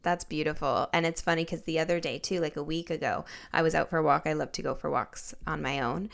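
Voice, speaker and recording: A woman's voice: sits low, fairly even intonation, fast talker, gravelly. A young woman hosting a casual interview podcast, telling personal stories in a chatty way full of likes and you-knows. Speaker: podcast host.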